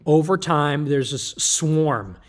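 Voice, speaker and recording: A man's voice: on the high side, takes it slowly. A man delivering an emphatic, lecturing livestream monologue, loose and joking in tone. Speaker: livestream commentator.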